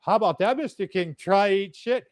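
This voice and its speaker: Man putting on a shrill angry foreigner, stilted broken insults, dry close sound. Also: normal speed, no echo, lightly acted. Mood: indignant. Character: angry foreign man mangling curse words.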